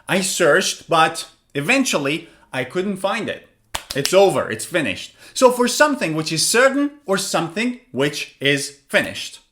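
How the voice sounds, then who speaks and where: A man teaching English pronunciation, demonstrating stress and intonation patterns with slow, exaggerated examples. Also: a little high, a bit bright. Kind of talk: lesson narration with spoken examples.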